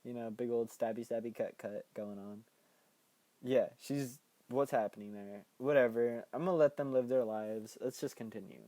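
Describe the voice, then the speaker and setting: A young man with a warm, mellow voice recaps a movie in a loose, chatty way, laughing easily and jumping into excited impressions of the characters. The sound is dry and close, with no room around it. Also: mid-range voice, normal speed, no room sound. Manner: playful, laughs often, bursts into excited quoted voices. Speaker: podcast host recapping a film.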